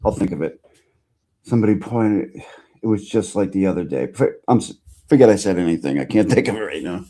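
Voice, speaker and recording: A woman's voice: a bass voice, brisk, slightly rough. A woman guest in a casual chat, joking and sometimes losing her train of thought. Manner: relaxed, joking, trails off mid-thought. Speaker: guest co-host.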